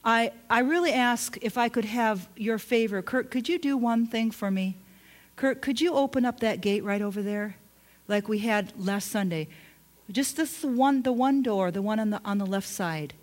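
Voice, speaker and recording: A woman pastor preaching a sermon in an earnest, emphatic way, slowing into soft drawn-out passages. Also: on the high side.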